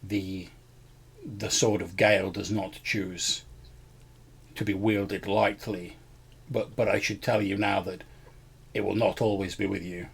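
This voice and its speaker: A man voicing a stern, probing male witch hunter who speaks in measured, formal phrases. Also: lowish voice, flat delivery, vocal fry, husky, exaggerated voice. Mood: formal, grave. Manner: measured, formal, stammers slightly.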